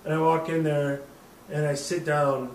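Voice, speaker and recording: A man's voice: fairly high pitch, level tone, moderate pace, roomy sound, recorded from a distance, a little hiss or hum, rough recording. A man in his thirties hosting a podcast, telling a rambling, profane drinking story and laughing at himself. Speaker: podcast host. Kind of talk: casual storytelling.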